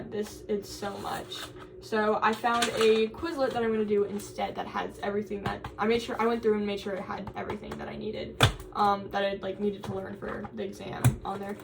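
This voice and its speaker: A woman's voice: fairly high pitch, recorded from a distance, a little hiss or hum, poor audio. A young woman in college chatting casually for her vlog, rambling with lots of fillers and restarts. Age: young adult. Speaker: college vlogger.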